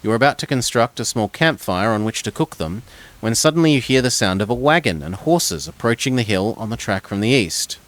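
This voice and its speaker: A man's voice: medium pitch, expressive, a little fast. A man reading a gamebook aloud in second person, stumbling over words now and then and dropping casual asides. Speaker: gamebook reader.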